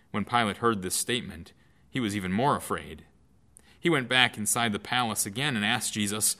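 A man reading a scripture lesson aloud in an expressive, emphatic way. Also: lowish voice, moderate pace. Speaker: Bible lesson reader.

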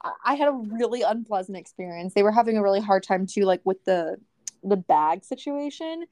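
A woman's voice: mid-range voice, animated, fairly quick, mellow, no room sound. A woman, co-hosting a podcast in casual chat, ranting through stories and quoting people with frequent laughs. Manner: chatty, ranting storyteller, quotes people, laughs often. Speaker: podcast co-host.

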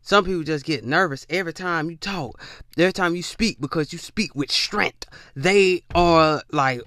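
A man talking casually about spiritual matters in a preachy, animated way, drawling and repeating himself. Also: a little high, normal speed, dry recording. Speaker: podcast host.

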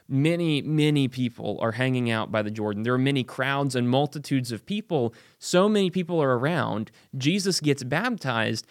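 A man walks through a Bible passage in an earnest, conversational way, often pausing to ask "right?". His voice sits in a middle pitch and sounds dry and close, with no room around it. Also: no room sound. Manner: earnest, thinking aloud with frequent "right?" asides. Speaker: Bible teacher. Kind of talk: casual Bible study talk.

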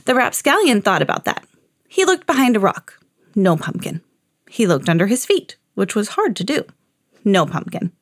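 A woman's voice: medium pitch, sing-song, normal speed, no room sound, clean studio sound. A woman, a mother, reading a children's picture book aloud in a sing-song storytelling way.

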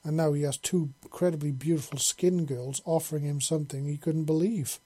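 Guy reading fan fiction out loud, dark husky voice, lots of little slips. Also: a little high, fairly even intonation, brisk, no echo. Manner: casual, with frequent slips and restarts. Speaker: narrator.

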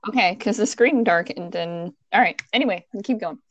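A woman's voice: medium pitch, brisk, muffled recording. Giggly woman with a Virginia accent. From Virginia, USA. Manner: giggly, chatty, rambling with restarts. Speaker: podcast co-host. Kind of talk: casual podcast chat.

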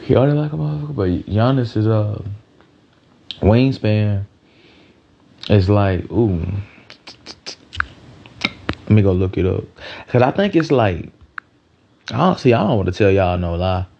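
A man's voice: lowish voice, a little slow, creaky, pauses often, dull audio, slight background noise. A tired man hosting a rambling, loose, profane sports talk show, with many restarts. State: a little tired. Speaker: sports podcast host.

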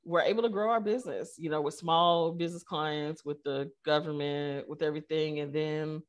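Animated woman telling a story. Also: low voice, normal speed. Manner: animated storyteller, many fillers, acts out quotes. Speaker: guest, tech company co-founder. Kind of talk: casual conversational interview.

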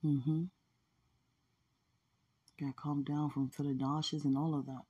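A woman talking in a heartfelt, prayerful way about faith and love, often murmuring quiet agreement. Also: low-pitched, flat delivery, measured pace, husky, lo-fi sound. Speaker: podcast speaker. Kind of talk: casual emotional talk about faith and love.

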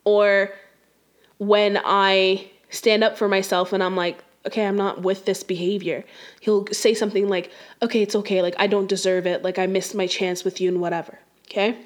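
A woman's voice: medium pitch, level tone, moderate pace. A young adult woman telling a dating story in a casual, slangy rant, exasperated and talking straight to the viewer.

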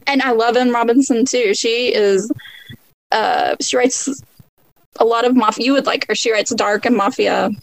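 A woman's voice: fairly high pitch, fairly even intonation, normal speed, creaky, no room sound, low-quality recording. A woman author chatting as a podcast guest, giggling often and filling her talk with "like" and "um". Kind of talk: casual podcast chat.

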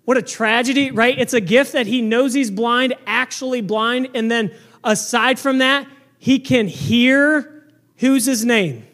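Male pastor, very high voice, loud and earnest, preaching into a mic, frequent restarts. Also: fairly even intonation, a little slow. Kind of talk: sermon. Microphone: microphone.

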